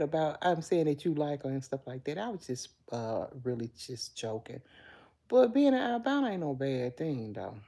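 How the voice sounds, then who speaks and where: A woman in her fifties with a Southern drawl chats with her viewers on a live stream, calling them by name and joking. Her pitch swings up and down a lot, and her voice sounds mellow and warm. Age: 50s. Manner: chatty, greets viewers by name, playful. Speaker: livestream host. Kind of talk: casual live chat.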